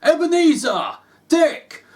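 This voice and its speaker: A man voicing a jovial, hearty old male employer who calls out loudly and cheerily. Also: very high voice, animated, slow pace, pitched above the performer's own voice, full character voice.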